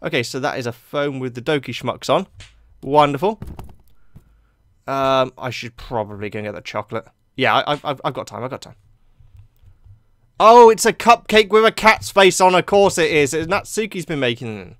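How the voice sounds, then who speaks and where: Excitable man gaming. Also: mid-range voice, a little fast, no room sound. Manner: excitable, chatty, laughs and jokes often. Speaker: YouTube gamer. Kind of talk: let's play commentary.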